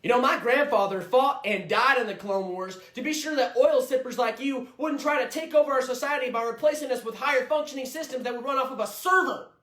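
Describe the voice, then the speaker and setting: Man acting out a robot-hating ranter, insulting, high voice, music behind. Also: fairly quick, hardly any pauses. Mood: contemptuous. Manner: loud, insulting, escalating rant. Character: angry bigoted man ranting at a robot. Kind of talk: comedy skit. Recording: echoey room with music behind.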